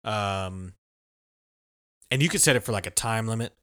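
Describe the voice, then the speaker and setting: Young male co-host, lowish voice, halting and rambling, dry sound. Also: lively intonation, pushed and bright, clear, resonant tone, dry recording. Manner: halting, rambling, filler-heavy. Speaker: podcast co-host. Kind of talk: casual chat.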